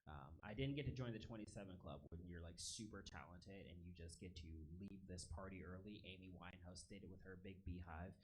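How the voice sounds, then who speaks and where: A man in his early thirties performing a stand-up set on a club stage, with punchy delivery, shouted punchlines and quick laughs at his own jokes. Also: low voice, a little hiss or hum. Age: 30s. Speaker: stand-up comedian. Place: comedy club stage with live audience laughter.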